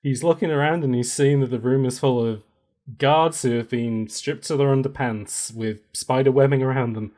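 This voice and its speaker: A man's voice: medium pitch, steady tone, normal speed, a little mellow. Playful man running a tabletop game. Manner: playful, laughs often. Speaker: game master.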